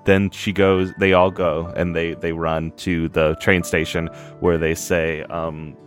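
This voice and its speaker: Very low voiced guy on a podcast, rambly, keeps restarting, faint music under it. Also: little pitch movement, measured pace. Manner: rambling, laughing, many restarts. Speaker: podcast co-host. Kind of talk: casual podcast chat.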